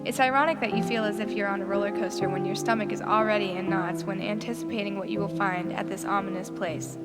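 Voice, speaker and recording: A young woman from Pennsylvania reads her audio essay in a measured, deliberate way, her voice sitting at a middle pitch. Loud music plays under her the whole time. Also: steady tone. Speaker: narrator. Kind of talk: scripted narration. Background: strong background music.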